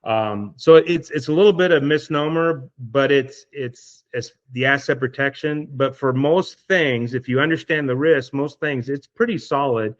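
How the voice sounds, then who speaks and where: A man's voice: mid-range voice, normal speed, few pauses, lo-fi sound. A man guest on a podcast, talking through hypothetical scenarios in a casual, explanatory way with many fillers. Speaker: estate planning guest.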